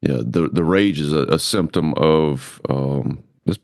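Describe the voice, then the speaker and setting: A man with a notably low, deep voice hosts a casual podcast conversation. He talks candidly, swearing now and then, about personal pain. The sound is dry and close. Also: unhurried, a little mellow, dry recording. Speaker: podcast host.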